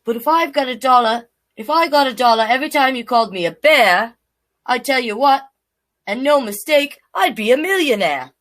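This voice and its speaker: A woman's voice: sits high, lively intonation, normal speed, fairly bright tone. A woman voicing a grumpy male koala who is fed up with being called a bear, in a put-on Australian accent and a sing-song, rhyming storybook delivery. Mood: indignant.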